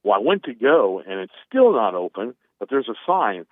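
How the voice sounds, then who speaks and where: A man's voice: medium pitch, very animated, normal speed, dry recording. A man calling into a show, rambling in a friendly way as he signs off. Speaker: caller. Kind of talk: casual phone call. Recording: tinny phone line.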